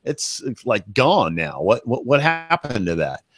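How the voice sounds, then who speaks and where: A man co-hosting a talk show, chatting casually with a sarcastic, halting manner. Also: mid-range voice, sing-song, a bit bright. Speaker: co-host. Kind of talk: casual chat.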